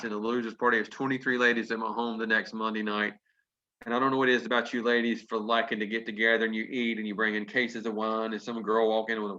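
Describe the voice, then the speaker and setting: A man telling a folksy story to an audience, lively and chuckling as he acts out what people said. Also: medium pitch. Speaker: business testimonial speaker. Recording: dull lo-fi conference call audio.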